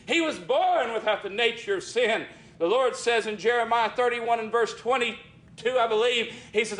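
A man preaching a sermon in an earnest way, often calling his listeners friends and dropping his voice low for emphasis. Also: moderate pace, a bit bright.

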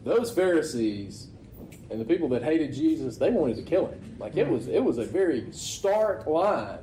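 A pastor preaching a conversational sermon, often asking the congregation rhetorical questions. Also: male voice, on the high side, sing-song, moderate pace, warm tone, reverberant, a little hiss or hum, low-quality recording.

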